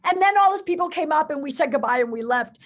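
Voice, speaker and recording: A woman recounts faith stories as an interview guest. Her voice sits high and moves through a wide, lively range. She brings each quoted line to life as she tells it. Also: quick pace. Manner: expressive, acts out quoted voices. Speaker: guest storyteller. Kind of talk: animated faith storytelling.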